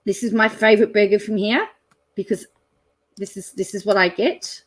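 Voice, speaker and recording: A middle-aged Australian woman hosting her own channel chats casually as she reads out a fast-food menu. Her voice is medium-pitched, and she rambles with many ums and some excited laughter.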